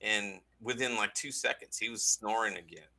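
A man, a guest on a talk show, telling a personal story in an earnest, halting way with many restarts. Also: lowish voice, pushed and bright, poor audio.

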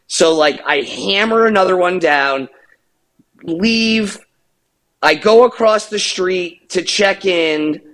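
A man's voice: fairly high pitch, a bit bright. A middle-aged man co-hosting a podcast, telling a rambling, profane story with laughs. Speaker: podcast co-host. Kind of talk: casual storytelling.

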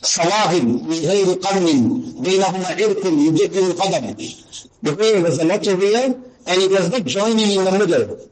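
A man giving a sermon, reciting Arabic quickly and then explaining it in English in an earnest storytelling way. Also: sits high, animated, a crowd in the background, rough recording. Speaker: Islamic teacher. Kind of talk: sermon on the Prophet's qualities.

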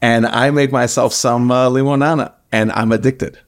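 A man's voice: mid-range voice, fairly even intonation, normal speed. A man co-hosting a casual podcast, chatting and teasing as he tells everyday stories. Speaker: podcast co-host. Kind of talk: casual chat.

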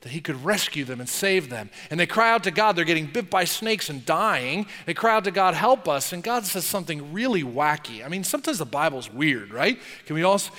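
A high-voiced, bright man preaches with animated energy, firing off incredulous questions and then dropping quiet and low. His voice rings through a church with a long, echoing tail. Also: a little fast, few pauses. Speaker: pastor. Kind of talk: sermon. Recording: long hall reverb.

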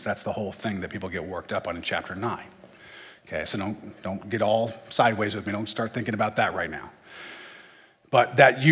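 A man's voice: fairly low pitch, a bit bright, husky, in a large hall. A man teaching through Bible verses in a casual, conversational way, with joking asides.

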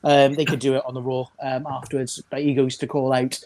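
A man's voice: medium pitch, level tone, a little fast, darkish tone. A British man co-hosting a wrestling chat show, talking at length and playfully acting out wrestlers' lines. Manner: chatty, acts out wrestlers' lines. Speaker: podcast co-host.

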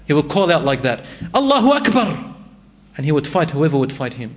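A man's voice: medium pitch, quick pace. A man preaching a sermon, reciting Arabic verses and retelling a story with rising emotion.

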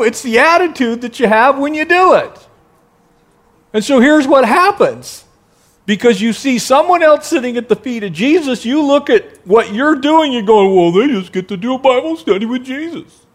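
A male pastor delivering a sermon in a high, lively voice that swings widely in pitch. He keeps firing rhetorical questions at his listeners and now and then softens into a gentle hush. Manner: animated preaching, rhetorical questions to the congregation; drops to a soft, gentle tone for quiet passages.

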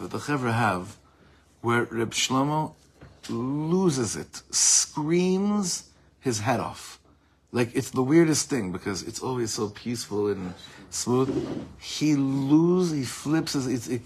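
A man giving an informal Torah class, telling stories with animated delivery. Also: medium pitch, slow, slight background noise. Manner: animated storytelling, acts out shouted quotes. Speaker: Torah teacher.

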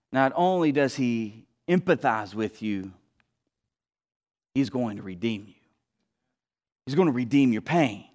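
A man pastor preaching a sermon, swinging between hushed lines and emphatic ones. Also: high voice.

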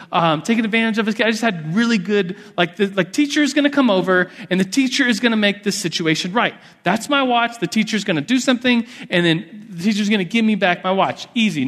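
Young male pastor, high voice, animated storyteller with many restarts; long hall reverb. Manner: animated, acts out childhood voices, restarts often. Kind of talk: sermon with storytelling.

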